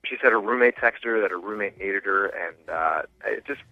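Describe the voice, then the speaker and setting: Male caller, hesitant and stumbling, lowish voice, thin dry phone line. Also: normal speed, no echo. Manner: hesitant, many ums and restarts. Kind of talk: phone call into a radio show.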